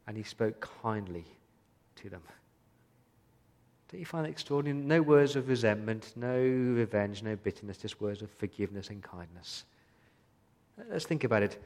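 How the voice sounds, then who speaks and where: A pastor with a low, darkish voice preaches at a moderate pace, earnestly pleading and posing many questions to his listeners. The church hall gives the recording a long reverb.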